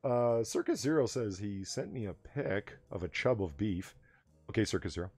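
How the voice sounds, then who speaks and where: A man's voice: on the low side, big pitch swings, moderate pace, a little mellow, breathy edge, no room sound, soft background music. A man hosting a late-night livestream chat, loose and rambling, laughing often as he tells stories and reads chat. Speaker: livestream host.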